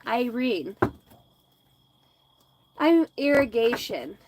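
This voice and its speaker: A woman hosts a live intuitive reading, speaking slow and soothing spiritual messages at a middle pitch. She drifts into loose, laughing, profane rambles between the readings. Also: background noise. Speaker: psychic livestream host.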